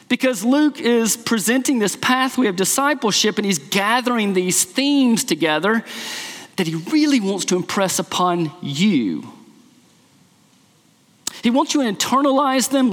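Man, pastor, sermon, high voice, long reverb, church sanctuary. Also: fairly bright tone. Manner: earnest teaching with rhetorical questions.

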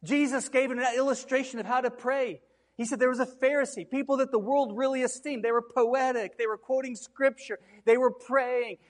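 A man's voice: extremely high pitch, fairly even intonation, moderate pace, long reverb tail. A man preaching a sermon as pastor, building to emphatic, repeated cries.

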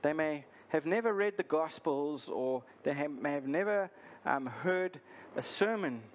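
A male pastor preaching a sermon, earnest and deliberate, repeating his key lines for emphasis. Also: fairly high pitch, expressive.

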